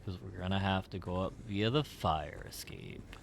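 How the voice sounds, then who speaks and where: A man's voice: low voice, moderate pace, creaky, a little hiss or hum. A man streaming a game, giving casual commentary in a wry, rambling way.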